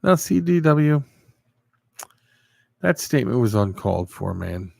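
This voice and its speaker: A man's voice: mid-range voice, very animated, measured pace, vocal fry, warm tone, no room sound. A man hosting a casual livestream, answering viewers and rambling through a story. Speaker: livestream host.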